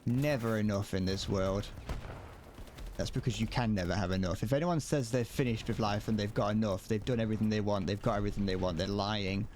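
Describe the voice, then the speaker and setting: Rambling British man, lowish voice. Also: fairly quick, darkish tone, slight background noise. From Britain. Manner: rambling, joking, self-mocking. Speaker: streamer. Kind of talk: casual gameplay commentary.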